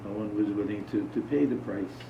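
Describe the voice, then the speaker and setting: A fairly low-pitched male voice moves a little fast against a noisy background. He's giving a conversational spiritual talk to a small gathering, telling stories and asking the audience questions. The recording comes across as roomy, distant and dull.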